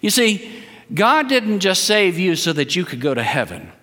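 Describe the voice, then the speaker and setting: A man's voice: high-pitched, very animated, moderate pace, bright, forceful tone, long reverb tail. A man preaching a sermon as a guest preacher, leading the congregation in call-and-response statements.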